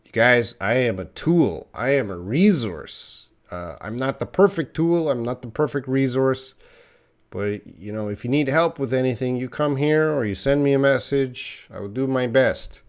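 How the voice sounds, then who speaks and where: A man's voice: mid-range voice, lively intonation, normal speed. Encouraging male English teacher live. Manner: encouraging, talks straight to viewers, repeats names. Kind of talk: live-stream English lesson, reading chat aloud.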